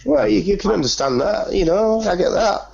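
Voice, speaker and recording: Gravelly man rambling to listeners. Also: high-pitched, lively intonation, moderate pace, darkish tone, lo-fi sound. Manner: loose, rambling, speaks straight to listeners. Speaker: podcast co-host. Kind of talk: casual podcast chat.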